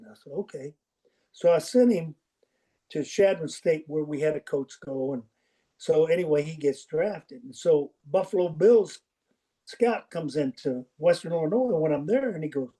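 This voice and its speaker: A man's voice: on the high side, moderate pace, mellow. An older man, a football coach as podcast guest, telling folksy anecdotes and acting out the dialogue in them. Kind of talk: storytelling interview.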